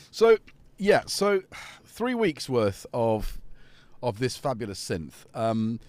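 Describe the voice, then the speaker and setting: A man's voice: medium pitch, big pitch swings, slow pace, a little mellow, no echo. A man hosting a casual live stream, rambling and chatty as he talks to viewers and his cat.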